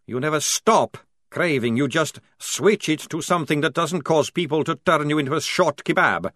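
A man voicing a nervous male vampire soldier who craves coffee, speaking in a complaining, drawn-out way. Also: a little high, fairly bright tone, dry recording, studio quality, pitched above the performer's own voice. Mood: jittery.

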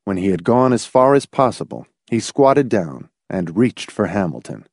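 Expressive male audiobook narrator. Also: lowish voice, moderate pace, few pauses, no room sound, studio quality. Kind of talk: scripted narration.

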